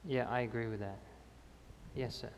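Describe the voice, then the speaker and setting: Gravelly man answering questions in a hall. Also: medium pitch, fairly even intonation, moderate pace, slight background noise. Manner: explanatory, with many fillers and restarts. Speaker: health speaker. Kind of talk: Q&A after a health talk. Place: church hall. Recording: reverberant church hall, faint ambience.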